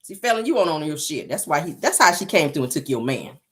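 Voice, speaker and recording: A woman's voice: low voice, very animated, fast talker, a bit bright. Sassy, blunt woman gossip host. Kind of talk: casual gossip commentary.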